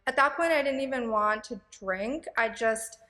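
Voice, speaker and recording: A woman's voice: on the high side, moderate pace, pushed and bright, long reverb tail. A young woman guest on a podcast, telling her story in a candid, emotional way with lots of fillers and restarts. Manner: rambling, filler-heavy storytelling with many restarts; emotional and candid, close to tears. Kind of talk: casual podcast chat.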